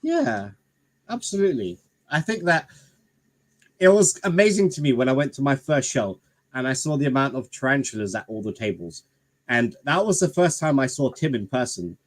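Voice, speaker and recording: A man's voice: mid-range voice, big pitch swings, moderate pace. Man telling anecdotes, laughing often. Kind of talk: casual live-stream chat.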